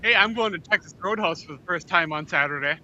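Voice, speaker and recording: A man's voice: high-pitched, quick pace, sharp tone. A man from the Upper Peninsula of Michigan chatting in a laid-back, joking way on a live podcast. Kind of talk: casual live-stream chat. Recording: dull lo-fi mic, faint noise.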